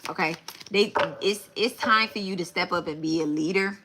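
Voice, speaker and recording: A woman reading tarot on a live stream, talking casually and bluntly with plenty of restarts. Her voice sits on the low side yet sounds bright and forceful. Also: normal speed. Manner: casual, repeats and restarts phrases; blunt, swears. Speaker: tarot reader.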